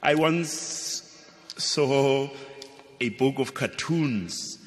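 A man from South Africa with a South African accent, preaching a sermon in a playful storytelling way that swoops up into high exclamations. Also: very slow. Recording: long hall reverb with faint music.

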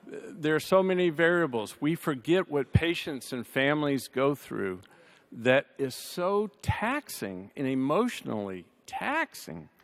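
A man speaking on a panel, telling a personal family story in a conversational way, with dry humor, his voice softening at the sad moments. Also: fairly high pitch, sing-song, a little slow. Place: large chapel. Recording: long reverb of a large hall.

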